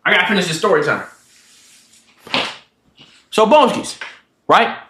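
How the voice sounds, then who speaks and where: Young man, high voice with big pitch swings, profane storyteller, story-time vlog. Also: lively intonation, moderate pace, background noise. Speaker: vlogger.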